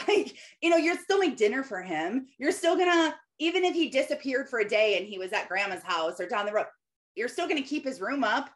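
A woman in her thirties giving an earnest, conversational talk about faith to her followers, slipping into quoted voices as she goes. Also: fairly high pitch. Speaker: Christian business owner sharing faith.

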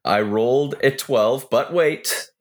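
A man's voice: medium pitch, slow pace. A man playing a rogue in a tabletop game, laid-back and joking. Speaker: player. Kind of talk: casual tabletop game play.

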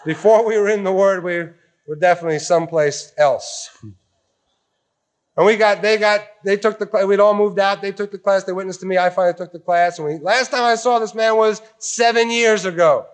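A man preaching a sermon to a congregation in a tent, folksy and animated, acting out quotes as he goes. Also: high voice, a little fast. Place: tent meeting.

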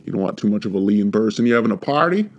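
A man's voice: fairly low pitch, animated, very fast, lo-fi sound. A man playing a sleazy butcher of human meat. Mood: pushy. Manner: casual, rambling salesman patter. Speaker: shopkeeper.

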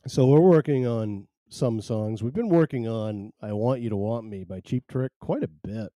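A man's voice: medium pitch, normal speed, warm tone, no echo. A man hosting a solo live stream, chatting in a rambling, wry, self-deprecating way.

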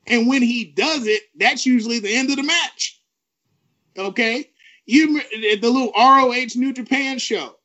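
A man co-hosting a podcast, ranting with animated, profane emphasis. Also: extremely high pitch, dull audio. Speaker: podcast co-host. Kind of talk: ranting wrestling podcast talk.

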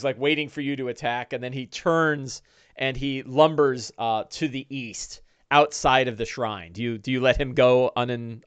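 A man's voice: medium pitch, a bit bright, clear, resonant tone, no room sound, muffled recording. A man running a one-on-one tabletop game as game master, narrating loosely with many fillers. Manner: descriptive, loose narration full of "uh" and "kinda".

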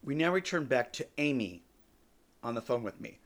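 A man in his forties hosts a podcast and tells personal stories in a relaxed, joking manner. His voice sits at a middle pitch, and he swears now and then. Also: normal speed. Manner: casual, joking, swears freely. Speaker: podcast host.

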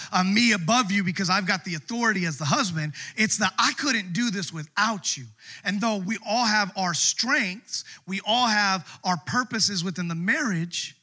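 A man's voice: sits high, pushed and bright. A middle-aged man preaching a sermon to a church congregation, conversational and self-deprecating, with many restarts. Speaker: pastor. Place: church sanctuary.

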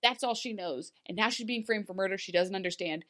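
A woman's voice: mid-range voice, a little fast. Chatty woman recapping with a laugh. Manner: chatty, animated, many fillers, laughs while talking. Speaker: podcast co-host. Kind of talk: casual recap chat.

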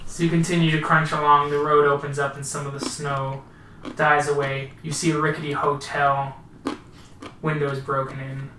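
A man narrating a tabletop horror game as storyteller, setting scenes slowly and with atmosphere. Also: a little high, flat delivery, bright, forceful tone, a little hiss or hum. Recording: roomy, distant mic.

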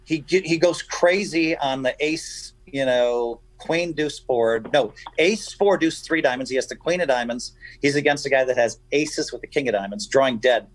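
A man guesting on a radio show, telling stories in an animated, emphatic way. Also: mid-range voice, moderate pace, few pauses, no room sound, low-quality recording. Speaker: guest poker player. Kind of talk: casual radio chat, storytelling.

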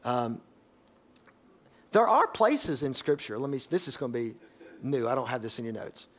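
A pastor preaching a sermon, emphatic and folksy, rising to loud exhortation and dropping to quiet asides. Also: male voice, mid-range voice, very animated, moderate pace.

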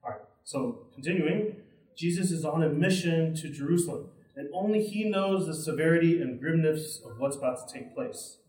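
Preaching earnestly and directly, this pastor keeps asking his congregation "right?" to check in with them. He sounds a little high and a little mellow, animated, at normal speed. The recording, made in a church sanctuary, has the roomy quality of a far-off microphone.

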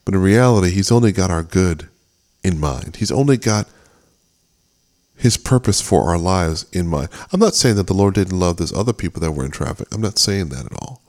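A middle-aged man talks earnestly in a devotional reflection. His voice sits a little low, and he often doubles back on his words as he works through a thought. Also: expressive, normal speed, darkish tone. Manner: earnest, repeats and restarts words. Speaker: podcast host. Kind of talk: devotional talk.

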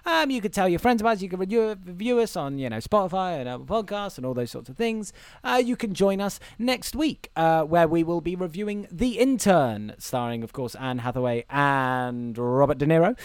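Excitable podcast host with a dry sound. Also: male voice, fairly high pitch, brisk, clear, resonant tone, no echo. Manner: excitable, swears often, laughs a lot. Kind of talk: casual comedic chat.

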